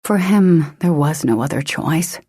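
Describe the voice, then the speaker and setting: A woman narrating an action-romance audiobook in a steady, dramatic manner. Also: deep voice, a little slow, slightly rough, no echo, clean studio sound. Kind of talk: scripted narration.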